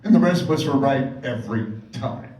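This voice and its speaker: A man's voice: medium pitch, animated, fairly quick, warm tone. A man on a fan convention panel tells stories about his colleague with playful teasing. He sounds distant, picked up across a large, reverberant hall. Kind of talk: casual panel talk. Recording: echoey hall from far off.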